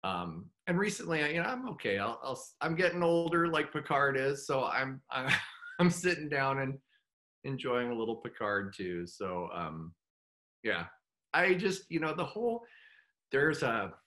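A middle-aged man speaking as a guest in a casual interview, halting and heartfelt. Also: medium pitch, very animated, bright, forceful tone. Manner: halting, full of fillers and restarts; heartfelt, open about his feelings. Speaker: guest actor.

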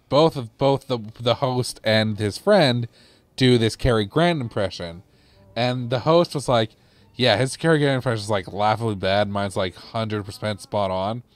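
A man's voice: mid-range voice, clean tone. A man co-hosting a let's play, chatting casually and rambling through anecdotes with a loose, laughing manner. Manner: rambling storyteller, laughing at his own anecdotes; casual, loose, swears freely. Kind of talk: casual gaming chat.

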